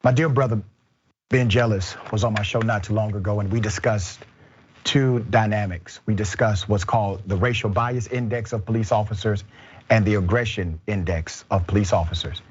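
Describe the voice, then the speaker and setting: A man's voice: fairly low pitch, normal speed, highs cut off, slight background noise. A male host of a political commentary show who speaks in short, emphatic statements.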